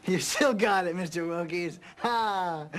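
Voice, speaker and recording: An actor playing an eager, boastful young small-town man who talks enthusiastically and pushily. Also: sits high. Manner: enthusiastic, showy, pushy.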